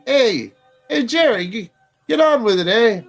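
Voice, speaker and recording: A man's voice: very high voice, expressive, measured pace, creaky, faint music behind. Teasing man riffing on a clip. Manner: teasing, ribbing banter. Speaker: host. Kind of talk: mocking commentary over a clip.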